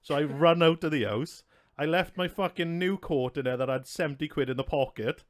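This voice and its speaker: A man's voice: a little high, fairly quick, no echo, studio quality. A man, co-hosting a podcast and telling a rowdy, sweary story with a lot of laughter. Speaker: podcast co-host. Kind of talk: casual storytelling chat.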